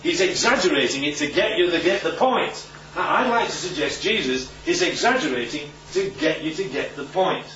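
A man preaching in an animated, swooping voice that sits a little high. He keeps prodding his listeners with quick rhetorical questions. He is recorded from a distance in an echoey room, and the sound is somewhat muffled. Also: crowd noise. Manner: emphatic, lively teaching delivery. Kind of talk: sermon-style Bible teaching. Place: room with a live audience.

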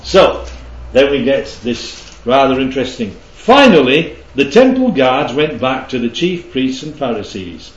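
A man's voice: medium pitch, very animated, measured pace, few pauses. A man leading a group Bible study, teaching interactively and keeping the group involved with frequent check-ins. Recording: roomy, slightly dull recording.

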